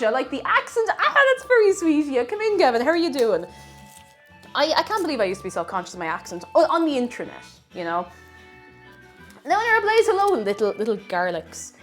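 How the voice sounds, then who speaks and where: A young woman with a Tipperary Irish accent, chatting casually with her livestream chat while she cooks, giggling and greeting viewers. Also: high-pitched. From Tipperary, Ireland. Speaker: cooking streamer.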